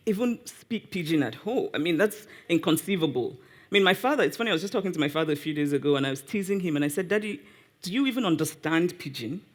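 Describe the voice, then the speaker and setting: Nigerian woman, guest speaker at a live talk, animated, teasing, self-correcting. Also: low-pitched. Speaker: guest author. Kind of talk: public conversation, answering audience. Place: live event before an audience.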